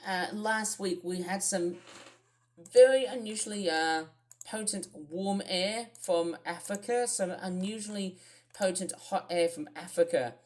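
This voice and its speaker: An Australian-accented weather vlogger talks unhurriedly in a mid-range, slightly mellow voice. On her own channel she rambles through casual weather commentary, thinking out loud and scattering fillers and asides throughout.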